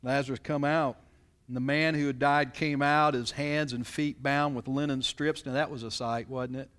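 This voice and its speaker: Reading scripture and then explaining it, a pastor gives an expository sermon peppered with rhetorical questions to the congregation. His mid-range voice is steady, a bit bright, clear, and resonant, at a moderate pace.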